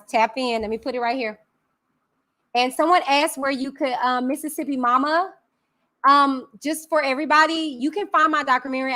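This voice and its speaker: A woman hosting a live stream on a video call, chatty and warm with her viewers. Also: high-pitched. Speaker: host.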